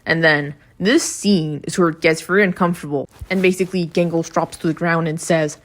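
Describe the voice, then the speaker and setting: A woman's voice: low-pitched, fairly even intonation, moderate pace. A woman giving a casual, chatty recap of a cartoon episode, with blunt, profane reactions. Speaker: video reviewer.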